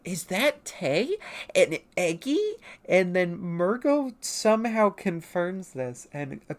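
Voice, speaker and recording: A woman's voice: low voice, vocal fry. A woman artist on a livestream, casually narrating her own childhood comic in a self-mocking, giggly, rambling way. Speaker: artist streaming.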